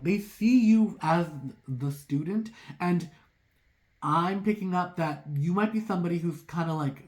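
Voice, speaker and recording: Speaking directly to viewers during a casual reading, an excitable tarot reader lets her thoughts race ahead. Her mid-range voice rambles loosely, packed with "like" and apologetic asides.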